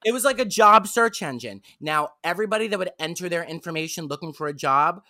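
A young woman tells a story on a podcast with a bright, forward voice. She is candid and self-deprecating and keeps the telling animated. The sound is dry and close to the mic. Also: fairly low pitch, quick pace, dry recording. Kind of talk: casual storytelling chat.

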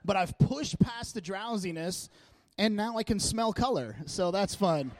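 A man giving a casual sermon in a church, talking in a chatty, joking, animated way. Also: high voice, measured pace, no room sound. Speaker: church speaker. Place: church meeting room.

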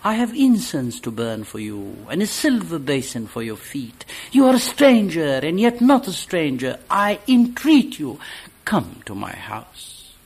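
A passionate woman recalls the day her life changed, declaiming her memories with fervour, as a man gives her voice in a poetry reading. The voice sits fairly high and the pace stays slow and unhurried. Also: wildly swooping pitch, vocal fry, darkish tone, heavily acted. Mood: pleading. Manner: fervent, declamatory. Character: impassioned woman recalling her redemption, grown woman.

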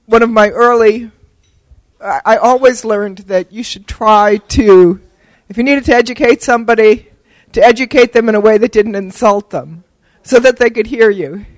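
A woman's voice: on the high side, moderate pace, dry recording, low-quality recording. An older woman giving an award acceptance speech, telling self-deprecating, humorous anecdotes with fillers. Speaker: award recipient and disability advocate.

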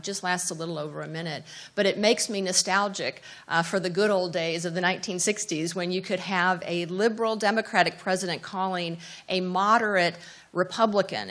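Middle-aged woman telling a seminar anecdote. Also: lowish voice. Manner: lively anecdotal telling with fillers and restarts. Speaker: professor of presidential studies. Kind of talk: seminar talk, storytelling.

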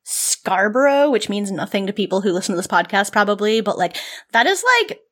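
A woman's voice: mid-range voice, expressive, fairly quick, fairly bright tone. A young woman co-hosting a podcast, rambling and swearing casually about a TV show. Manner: rambling, swearing, filler-heavy. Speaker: podcast co-host. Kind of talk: casual chat recapping a TV show.

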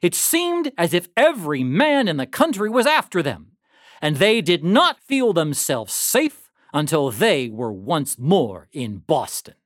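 A narrator reading a historical story aloud in a dramatic, animated read-aloud manner. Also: mid-range voice, a little slow, no room sound, clean studio sound.

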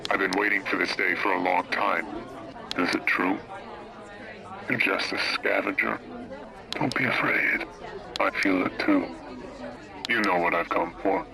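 An actor playing a menacing masked young villain, his low gravelly voice played back through a toy speaker. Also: fairly even intonation, measured pace, pauses often, a crowd in the background. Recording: lo-fi toy speaker playback, noisy.

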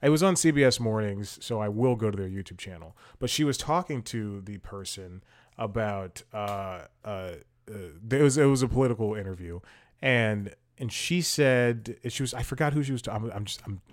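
Rambling man with a lowish voice. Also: moderate pace. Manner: rambling, many fillers and restarts; opinionated, thinks aloud while scrolling. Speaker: podcast host. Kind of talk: casual commentary.

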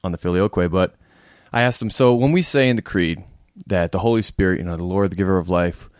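A man's voice: sits low, fast talker, a little mellow, smooth, no room sound, clean studio sound. Wry, playful male seminarian. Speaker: seminarian guest. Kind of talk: casual podcast chat.

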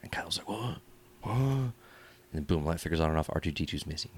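A man's voice: a bass voice, lively intonation, quick pace. A man from California co-hosting a podcast, telling crude rambling stories and laughing often. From California, USA. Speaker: podcast co-host. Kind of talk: casual chat.

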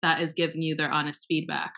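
Young woman, bright tense voice, slightly low, blunt sarcastic co-host, swears casually. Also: flat delivery. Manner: says she talks fast and mumbles words together. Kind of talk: casual chat.

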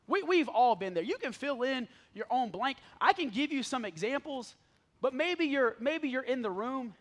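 A man's voice: very high-pitched, fairly bright tone. A young adult man, a pastor, preaching a sermon in a church, joking and talking straight to the congregation. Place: church stage before a live congregation.

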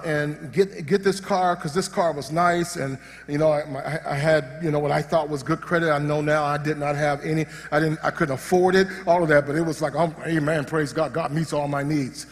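A male pastor preaching a sermon, animated and joking, often restarting his sentences. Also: sits high. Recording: long hall reverb.

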